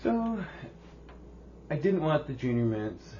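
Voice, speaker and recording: A man's voice: a little high, big pitch swings, slow pace, mellow, highs cut off, a little hiss or hum. A man co-hosting a podcast, telling a rambling home story with frequent restarts and laughter. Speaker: podcast co-host. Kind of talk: casual storytelling chat.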